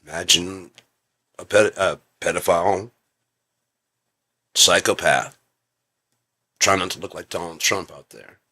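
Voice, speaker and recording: A man's voice: low voice, fairly even intonation, measured pace, pauses often, bright, forceful tone. A man talking in a rambling, swearing monologue, coughing often and acting out quoted voices. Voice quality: frequent coughing. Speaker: video creator.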